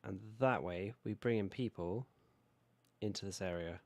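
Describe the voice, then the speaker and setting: Low-voiced hoarse British man streaming a game. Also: unhurried, no room sound. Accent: British English. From Britain. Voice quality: relaxed, rambling, self-correcting. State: hoarse from a cold, coughing. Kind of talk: casual gameplay commentary.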